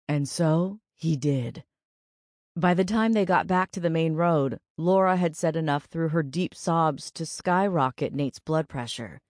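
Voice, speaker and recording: A woman with a low voice reads an audiobook in a measured, steady way. The sound is dry and close, with no room in it. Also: no room sound. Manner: measured, even storytelling. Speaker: audiobook narrator. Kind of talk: scripted narration.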